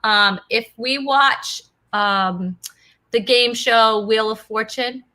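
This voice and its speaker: A woman's voice: on the high side, fairly even intonation, slow, bright, forceful tone. A woman hosting a casual live online talk show, chatty and bubbly, laughing often as she greets viewers. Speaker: host. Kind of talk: casual live-stream chat.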